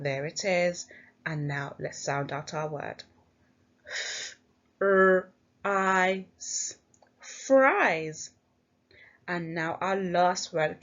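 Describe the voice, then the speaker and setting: Slow, sing-song English woman teacher. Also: medium pitch, lo-fi sound. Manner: slow, sing-song, encouraging teacher talk, sounding out letters. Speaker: primary school teacher. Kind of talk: recorded phonics lesson for children.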